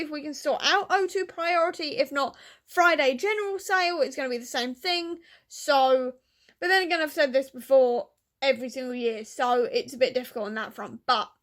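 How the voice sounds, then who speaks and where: A woman book vlogger chatting casually, gushing and tearful with excitement, full of fillers. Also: high-pitched. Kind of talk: casual vlog chat.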